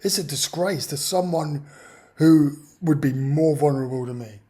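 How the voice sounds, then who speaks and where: A man's voice: fairly high pitch, steady tone, normal speed, dark tone, husky. A man telling a personal story in an exasperated, ranting way. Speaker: vlogger. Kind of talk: personal account monologue.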